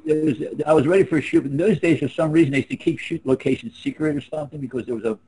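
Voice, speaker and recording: A man's voice: a little high, rapid-fire, mellow, breathy edge, poor audio. A man in his seventies, a guest on a video call, telling rambling anecdotes that trail off. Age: 70s. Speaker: interview guest. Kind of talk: casual storytelling on a video call.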